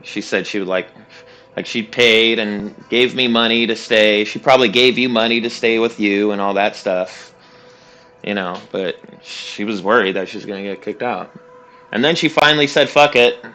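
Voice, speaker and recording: A man's voice: lowish voice, moderate pace, bright, forceful tone. Rambling, foul-mouthed young man. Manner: rambling, profane, laughing, with many fillers. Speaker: streamer. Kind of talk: casual storytelling while gaming.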